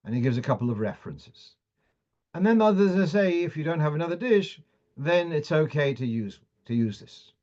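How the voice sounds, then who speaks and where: A rabbi teaches a class on Torah law, his voice pitched a little higher than most men's. He reads Hebrew and Aramaic passages aloud, translates them, and often stops and restarts to make a point clearer. The sound is dull and lo-fi. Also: animated, normal speed, darkish tone. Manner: explanatory, with frequent restarts.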